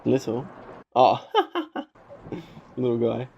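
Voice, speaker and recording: A man's voice: medium pitch, moderate pace, vocal fry, lo-fi sound, a little hiss or hum. A man giving a casual movie reaction commentary, laughing often, swearing and filling with "like" and "you know".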